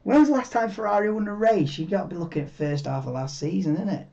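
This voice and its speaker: A man hosting a live stream, chatting casually in a rambling, excitable way and swearing freely. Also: sits high, fast talker, vocal fry. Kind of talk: casual live watchalong chat. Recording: dull lo-fi mic, tinny.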